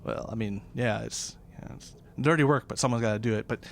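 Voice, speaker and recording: A grubby, stinky mine guard with a low, hushed, oily murmur, as a man puts him on. He sounds smitten and sleazy, with a middle-pitched male voice and faint noise behind it. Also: fast, vocal fry, lightly acted. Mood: leering.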